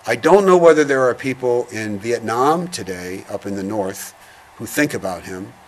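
An older man with a lowish voice recounts memories in a slow, halting, reflective way. A faint hum sits behind him. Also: expressive, a little mellow. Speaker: veteran interviewee. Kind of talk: oral history interview.

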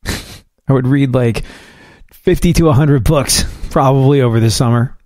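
A man's voice: mid-range voice, unhurried, long pauses, darkish tone, no room sound, clean studio sound. A man hosting a solo podcast, talking in a chatty, wry way with asides and jokes. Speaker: podcast host.

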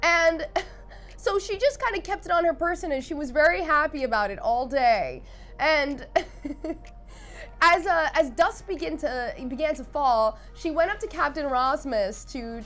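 High-voiced woman telling a story. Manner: animated, giggly retelling. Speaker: vlogger. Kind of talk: casual storytelling.

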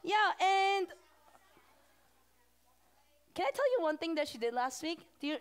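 High-voiced woman pastor talking to kids. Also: measured pace. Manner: animated, asks the children questions. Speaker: children's pastor. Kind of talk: children's sermon.

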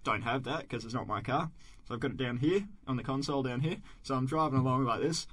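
A man's voice: medium pitch, fast talker, husky, no room sound. A man co-hosting a podcast, chatting casually and acting out his own reactions as he tells stories. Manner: animated storyteller, acts out his own reactions. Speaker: podcast co-host.

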